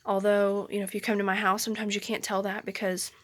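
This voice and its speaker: Holding her phone camera at arm's length, a young vlogger chats casually about her pregnancy from her bedroom. She talks fast in a mid-range, level voice, slightly breathless, rambling and apologizing with plenty of ums, and there's no room sound.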